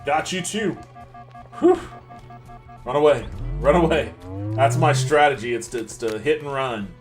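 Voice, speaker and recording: A man's voice: on the high side, expressive, measured pace. A man commenting casually while playing a video game, chatty and self-mocking, swearing and laughing often. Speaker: podcast host. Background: game music.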